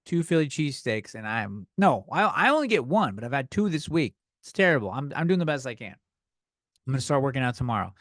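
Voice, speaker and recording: A man's voice: medium pitch, sing-song, quick pace, a bit bright, no room sound, clean studio sound. A young man hosting a comedy podcast, ranting in a loose, profane, slightly tipsy way and a bit out of breath. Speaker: podcast host. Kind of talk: rambling comedic rant.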